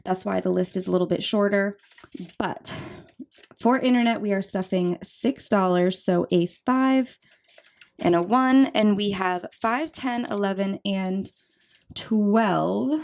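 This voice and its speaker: A woman in her twenties talks casually to her viewers as a budgeting vlogger. She is bubbly and chatty, with plenty of "um" and "like" and quick asides, at a voice of middling pitch. She sounds a little out of breath. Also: creaky, a little mellow. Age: 20s. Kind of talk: casual chat to camera.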